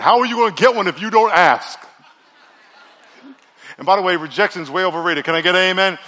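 A middle-aged male pastor preaching a sermon in an energetic, joking way, leading the crowd in call-and-response. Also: sits high, brisk. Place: large church auditorium. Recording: long reverb of a large church hall.

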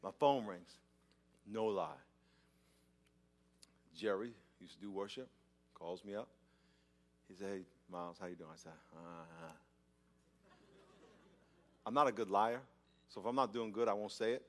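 A male pastor with a lowish voice preaches a sermon at normal speed, pausing often. He tells stories animatedly, acting out scenes and frequently repeating and restarting his words.

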